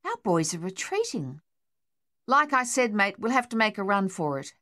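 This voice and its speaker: A woman's voice: mid-range voice, very animated, moderate pace, pushed and bright, no echo, studio quality, voice pushed up. A woman voicing a young male Australian soldier, urgent and coaxing his friend to move.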